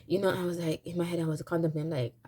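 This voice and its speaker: Low, mellow woman telling a story. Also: little pitch movement, very fast. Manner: dramatic, rambling, many restarts. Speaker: vlogger. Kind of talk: storytime vlog, casual retelling.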